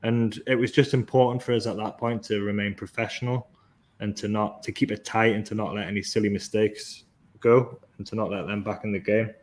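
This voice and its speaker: A man with a somewhat low voice hosting a football podcast. He breaks down play in a measured, analytical way. His enthusiasm keeps coming through. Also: steady tone. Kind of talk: casual football podcast chat.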